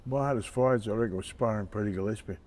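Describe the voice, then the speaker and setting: A man's voice: lowish voice, fast, darkish tone. A man, a former kickboxing champion, telling blunt stories and swearing freely. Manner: blunt storyteller, swears freely, acts out quotes. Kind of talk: casual interview chat.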